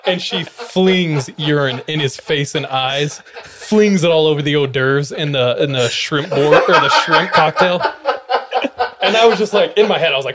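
A man's voice: a little high, moderate pace, very noisy. A young man, a podcast host, telling a funny personal story in casual chat, laughing often and swearing freely.

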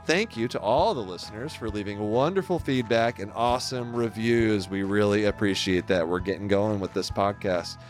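A man's voice: fairly low pitch, moderate pace, hardly any pauses, faint music behind. A man in his thirties co-hosting a podcast, reading the outro in a joking, casual way with many restarts. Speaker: podcast co-host.

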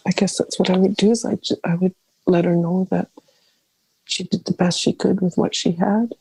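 A woman's voice: fairly low pitch, steady tone, normal speed, gravelly, dark tone, slightly rough, dry recording, low-quality recording. A middle-aged woman caring for her mother, speaking candidly and searchingly about her family, often restarting her sentences. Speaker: family caregiver. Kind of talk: reflective personal interview.

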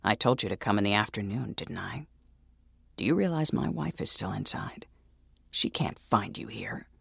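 A man's voice: on the low side, animated, moderate pace, gravelly, a bit bright, husky, dry recording, clean studio sound, heavily acted. A man voicing a furtive, lecherous older man who hisses in a half-whisper, in a whispered role-play. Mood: hissing.

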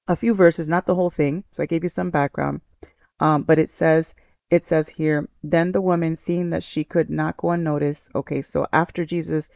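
A podcast host reflects earnestly on a Bible passage in a devotional podcast, repeating key phrases amid many fillers and restarts. His voice is gravelly, darkish and on the high side, and the recording sounds dull, lo-fi and dry.

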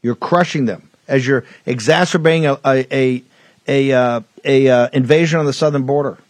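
A man's voice: medium pitch, moderate pace, no room sound. Male talk host, fiery and emphatic, hammering points home, dry studio mic. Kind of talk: political talk show commentary.

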